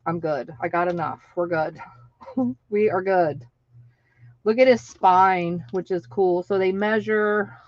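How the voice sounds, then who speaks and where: A woman past thirty-five talks at an easy, unhurried pace in a casual live-stream chat. She keeps breaking into laughs and acts out the lines of the people in her stories. The audio is dull and lo-fi, and the sound is dry and close. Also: fairly low pitch, dry recording. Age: over 35. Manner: chatty, laughs often between sentences; tells stories by acting out what people said.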